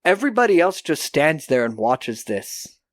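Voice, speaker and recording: A man co-hosting a podcast, casually recapping a film and acting out the characters in quick put-on voices, with a lot of swearing. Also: fairly high pitch, sing-song, no echo, clean studio sound. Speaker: podcast co-host.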